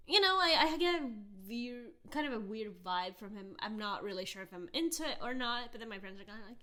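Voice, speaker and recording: A young woman in her twenties, a podcast host, telling a personal story in a candid, animated way, with frequent laughter and fillers like "like" and "um". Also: fairly high pitch, brisk, few pauses. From Southern California. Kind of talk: casual storytelling rant.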